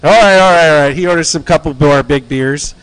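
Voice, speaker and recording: Animated man telling a bar story. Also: on the high side, brisk, smooth. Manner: animated, acts out quotes, laughs often; swears casually. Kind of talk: casual chat.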